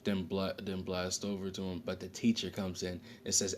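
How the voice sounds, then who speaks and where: Man, deep voice, casual story, rambling delivery, slang and fillers, slight noise behind. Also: level tone, normal speed. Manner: rambling, slangy, frequent self-corrections and fillers.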